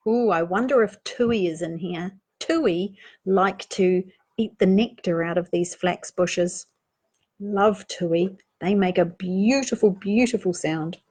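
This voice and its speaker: A woman with a New Zealand accent reading a children's picture book aloud, gently asking young listeners questions as she goes. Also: medium pitch, breathy edge. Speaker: storytime reader.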